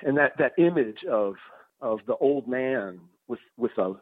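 Husky man on a tinny line. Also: mid-range voice, expressive, a little slow, no echo. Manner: thoughtful, hesitant, many restarts. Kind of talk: casual conversation. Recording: dry tinny phone-like sound.

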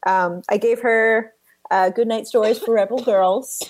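Chatty woman, slightly high voice. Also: steady tone, measured pace, no echo. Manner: chatty, lots of "like" fillers, giggly asides. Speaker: podcast co-host. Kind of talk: casual chat.

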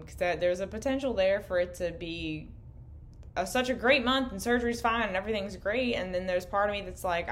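A woman's voice: lowish voice, a little hiss or hum. A young woman co-hosting a podcast, chatting candidly and rambling late at night, swearing freely, her voice a bit worn. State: losing her voice. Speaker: podcast co-host. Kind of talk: casual late-night chat. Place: indoor room, in person.

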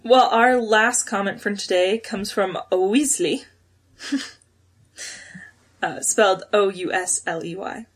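A woman co-hosting a podcast, chatting casually and reading listener comments aloud, quick and excitable. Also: medium pitch. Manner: quick, excitable, laughs often. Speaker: podcast co-host.

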